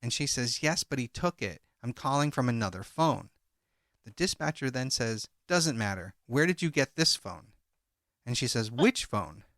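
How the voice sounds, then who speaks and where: A man's voice: mid-range voice, expressive, normal speed, a bit bright, no echo, clean studio sound. A man co-hosting a true crime podcast, recounting a call transcript and reading out each speaker's lines. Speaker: podcast co-host.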